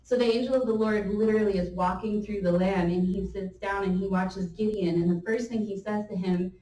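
A woman giving a conversational sermon, telling the story in a lively way with laughing asides. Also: medium pitch, brisk. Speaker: church speaker. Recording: echoey room, mic at a distance.

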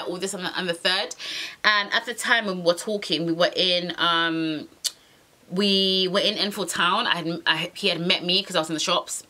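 A young woman with a London accent, telling a storytime vlog in an animated, heated way, full of slang. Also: mid-range voice, a little fast. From England. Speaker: vlogger.

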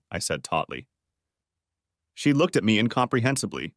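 A man's voice: lowish voice, very animated, moderate pace, no echo, clean studio sound. A man narrating a first-person audiobook story in a dramatic, emotive reading.

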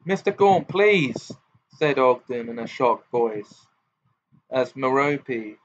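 A man reading a storybook aloud in an unhurried, steady narration, in a muffled home recording. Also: medium pitch, slight background noise. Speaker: audiobook reader.

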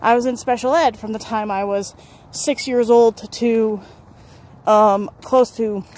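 A woman's voice: a little high, fairly even intonation, unhurried, a little mellow. Candid woman telling a personal story. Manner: candid, rambling, laughs often, self-correcting. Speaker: vlogger.

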